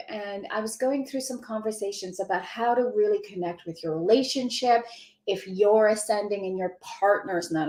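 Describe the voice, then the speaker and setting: Effusive, high-voiced spiritual woman in a roomy space. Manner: gushing, effusive, greets viewers by name, laughs often. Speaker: spiritual mentor hosting a live stream. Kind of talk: casual livestream chat. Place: indoors at home.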